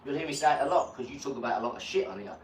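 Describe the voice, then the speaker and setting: A man talking in a casual live chat, rambling and boastful, breaking into animated rants. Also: medium pitch, racing. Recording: echoey room, far from mic, faint hum.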